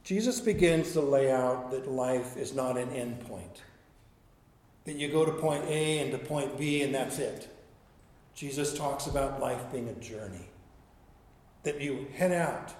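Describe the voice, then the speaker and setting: A man's voice: mid-range voice, a little mellow. A man preaching a sermon as a pastor, telling stories and acting out quoted speech, often repeating words as he goes. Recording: echoey room sound.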